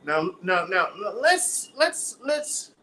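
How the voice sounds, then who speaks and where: A man's voice: sits high, very animated, extremely slow, pushed and bright, rough recording. A man with a Jamaican accent hosting a live stream, reading viewer comments aloud, laughing often and quizzing his viewers like a teacher. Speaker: livestream host.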